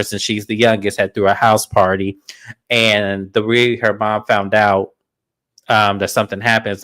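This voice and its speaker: A man hosting a casual reality-TV recap, telling the story bluntly and with plenty of swearing. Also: on the low side. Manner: blunt, profane, animated storytelling. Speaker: podcast host.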